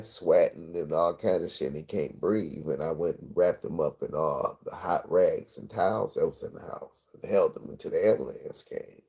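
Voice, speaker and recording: Deep gravelly dude ranting on a livestream, swears a lot, husky and dark. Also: male voice. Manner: rambling, profane, intense. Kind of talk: emotional storytelling monologue.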